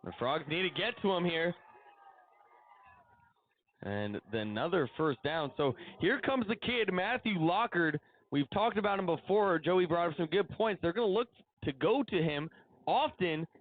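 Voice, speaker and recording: High-pitched man calling football plays. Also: unhurried, phone-quality sound. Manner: excitable, chatty play calling. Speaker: play-by-play announcer. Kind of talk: high school football commentary.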